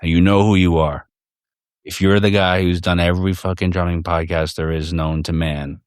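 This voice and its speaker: A man as podcast guest in casual chat, rambling and halting with frequent restarts and some swearing. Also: sits low, level tone, clean tone, no echo, clean studio sound.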